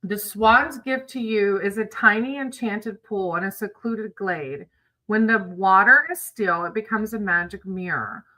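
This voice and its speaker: A woman's voice: medium pitch, bright, forceful tone, poor audio. A woman chatting casually with viewers on a livestream, greeting them by name and reading tarot cards.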